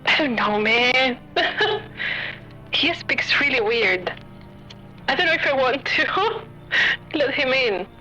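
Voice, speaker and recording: A woman's voice: high voice, lively intonation, slow pace, long pauses, sharp tone, soft background music. A woman VTuber streaming a horror game, chatting to herself and reading its text aloud, in dull lo-fi audio.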